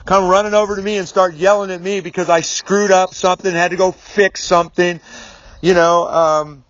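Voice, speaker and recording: A man's voice: high-pitched, flat delivery, normal speed, a bit bright, dry recording, highs cut off. A middle-aged man telling a personal story straight to camera, casual and rambling, with many restarts, mild swearing and firm, emphatic repetition. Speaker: business speaker. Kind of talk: storytelling video monologue.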